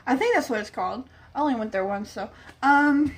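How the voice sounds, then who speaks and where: A young woman with a slightly high voice talks briskly on her vlog. Her personal story rambles casually, and she acts out what other people said.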